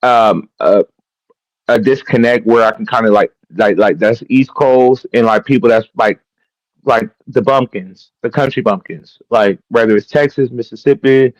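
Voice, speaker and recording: A man with a mid-pitched voice, recorded dry and close. He hosts a casual chat in a hesitant way, full of fillers, with a playful edge. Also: normal speed, no room sound, low-quality recording.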